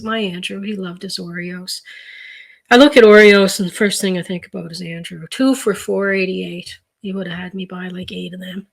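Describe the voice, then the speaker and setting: A woman's voice of medium pitch with a slightly bright quality. She's a middle-aged vlogger from Canada's East Coast, casually walking through her grocery haul and telling rambling stories full of fillers and restarts.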